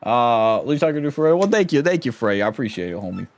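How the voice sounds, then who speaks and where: A man streaming a video game, excitable and slangy, laughing often as he reads along. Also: mid-range voice, fast talker. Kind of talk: let's play stream commentary.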